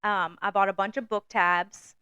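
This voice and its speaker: A woman's voice: medium pitch, steady tone, normal speed, sharp tone, smooth, no room sound, lo-fi sound. A woman co-hosting a book podcast in casual chat, laid-back and giggly, swearing freely. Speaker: podcast co-host. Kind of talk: casual chat about a novel.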